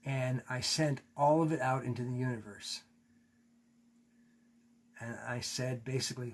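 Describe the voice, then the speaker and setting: Man, husky voice, candid classroom storyteller, swears, acts out quotes. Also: medium pitch, steady tone, unhurried, long pauses. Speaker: teacher. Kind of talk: storytelling in a lecture.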